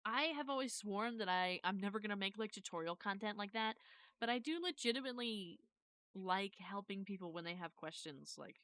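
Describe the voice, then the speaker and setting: Bright, crisp-voiced woman streamer. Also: mid-range voice, brisk, no echo. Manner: rambling, self-correcting, thanks viewers. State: has hiccups. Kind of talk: casual live-stream chat, explaining.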